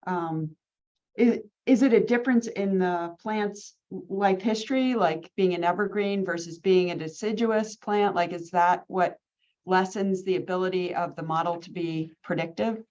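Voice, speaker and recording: A woman's voice: lowish voice, unhurried, a little mellow, dull audio. A woman hosting a webinar and moderating its Q&A over a video call, friendly and loose, with many fillers.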